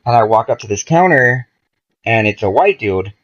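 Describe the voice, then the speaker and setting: A man's voice: medium pitch, lively intonation, normal speed, fairly bright tone, lo-fi sound. A young man from California telling a long story casually on a podcast, swearing freely and acting out the people he quotes. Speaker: podcast guest.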